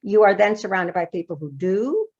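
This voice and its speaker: An older woman being interviewed on a podcast, talking in an animated, emphatic way and laughing often. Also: mid-range voice, normal speed, breathy edge. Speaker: therapist guest. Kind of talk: interview conversation. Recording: dull lo-fi sound.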